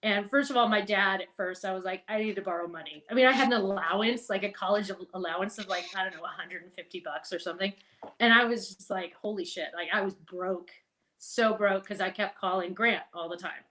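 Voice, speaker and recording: A middle-aged woman, a podcast guest, telling stories in a casual, animated way, laughing and swearing now and then. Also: mid-range voice, a little fast, slight background noise. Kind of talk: casual storytelling.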